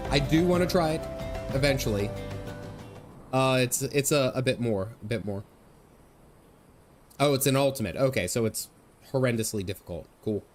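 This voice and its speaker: Rambling male gaming streamer. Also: mid-range voice. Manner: rambling and excitable, many fillers and restarts. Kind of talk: casual livestream commentary. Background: game music.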